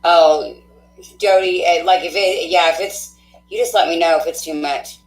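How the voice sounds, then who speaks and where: Low-voiced effusive woman hosting a stream. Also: fairly even intonation, normal speed, reverberant, faint music behind, low-quality recording. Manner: effusive, laughs often, thinks aloud with fillers. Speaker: tarot reader hosting a live stream. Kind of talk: casual live-stream chat with viewers.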